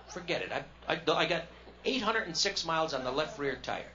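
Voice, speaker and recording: A man's voice: a little high, big pitch swings, fairly quick, a crowd in the background. Wry man doing stand-up on stage. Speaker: stand-up comedian. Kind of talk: live stand-up comedy. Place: casino showroom on stage. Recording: dull lo-fi 1970s live record, loud hiss.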